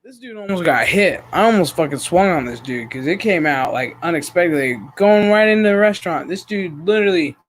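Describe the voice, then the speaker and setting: A woman hosting a casual chat stream, telling stories in a profane, animated way with lots of quoted dialogue. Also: lowish voice, fairly quick, hardly any pauses, slight background noise. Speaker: streamer host.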